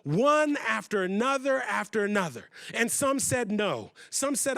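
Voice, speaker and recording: A man on stage tells a story to an audience, building energy with repeated phrases. His voice is high for a man and the sound is dry and close on a stage mic. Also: normal speed, hardly any pauses, no echo. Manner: animated storyteller, repeats for emphasis. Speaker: keynote speaker. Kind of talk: storytelling keynote talk. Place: event stage.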